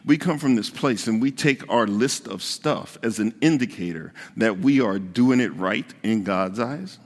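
A man's voice: medium pitch, long reverb tail. A man preaching a conversational sermon as pastor, repeating his key points for emphasis.

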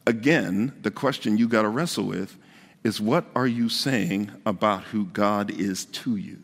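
Pastor preaching in a reverberant hall. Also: male voice, fairly low pitch, lively intonation, measured pace. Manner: conversational, repeats key points for emphasis. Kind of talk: sermon.

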